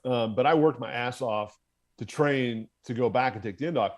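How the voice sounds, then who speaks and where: With a medium-pitched voice at normal speed, an American man who served as a Marine officer tells his story on a podcast. His storytelling is casual and conversational, candid and profane, and he laughs at himself.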